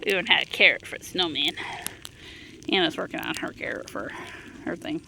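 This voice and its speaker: Young woman, casual family vlog, outdoors, handheld camera, excitable, bright tone, faint background noise. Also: sits low, a little fast, creaky. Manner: chatty and excitable, cheering on small children. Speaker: vlog host and mother. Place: outdoors in the snow, backyard sledding hill.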